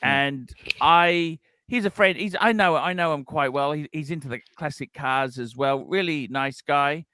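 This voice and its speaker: A man's voice: fairly high pitch, unhurried, few pauses, sharp tone, clean tone. A man hosting a casual livestream, reading out donations and rambling with many restarts. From Australia. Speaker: livestream host.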